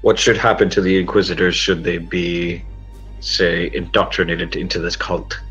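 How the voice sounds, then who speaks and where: Deep-voiced dude roleplaying his character, formal and solemn, bit of music behind. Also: level tone, moderate pace, fairly bright tone, dull audio. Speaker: player. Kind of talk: in-character tabletop role-play.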